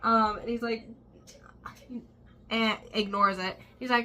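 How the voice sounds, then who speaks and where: A woman's voice: a little high, steady tone, slow, pushed and bright, a little hiss or hum. A woman recapping a novel in a chatty, rambling way, with many fillers. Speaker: book vlogger. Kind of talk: casual book recap.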